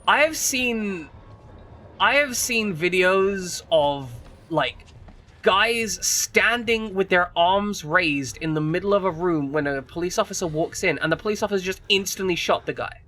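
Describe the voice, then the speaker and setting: A man's voice: sits high, pushed and bright. A man streaming a game, talking in a rambling, casual way with frequent swearing and restarts. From United Kingdom. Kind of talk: casual chat while gaming.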